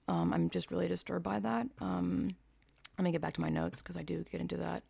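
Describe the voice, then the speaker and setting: A woman talks straight into the mic, her low voice rough with vocal fry. She comments bluntly and sarcastically and swears often. The sound is dry, with no room echo. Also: warm tone. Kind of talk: opinion vlog commentary.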